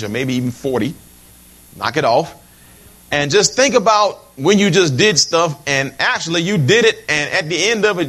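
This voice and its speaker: A middle-aged man preaching with a fairly high voice that keeps swinging up and down. He jokes with the congregation and talks to them directly, stumbling over and repeating words as he builds his point. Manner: animated and humorous, with frequent asides to the congregation; repeats words and restarts phrases while preaching. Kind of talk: sermon.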